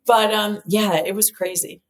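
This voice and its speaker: A woman who is a company CEO and cosmetic chemist, telling stories as an interview guest in a lively way, laughing often and using lots of "like.". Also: medium pitch, normal speed. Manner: lively storyteller, laughs often, many "like" fillers. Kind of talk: casual chat, telling stories.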